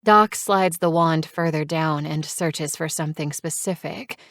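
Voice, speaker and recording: Brief: a deep-voiced woman reading a romance novel aloud, expressive, dry studio sound. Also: unhurried, no echo. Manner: expressive, animated character voices. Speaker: audiobook narrator. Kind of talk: first-person romance audiobook narration.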